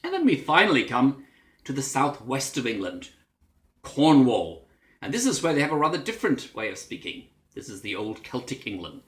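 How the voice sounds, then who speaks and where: A man's voice: medium pitch, big pitch swings, normal speed, a bit bright, echoey room. A man giving a spoken lesson on English accents, explaining patiently and now and then imitating them in short bits. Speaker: English teacher. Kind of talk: recorded language lesson.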